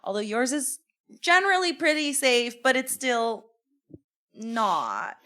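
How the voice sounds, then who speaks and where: A woman's voice: fairly high pitch, sing-song, takes it slowly, pushed and bright. A woman hosting a casual podcast chat, giggly and laughing often between her lines. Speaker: podcast host.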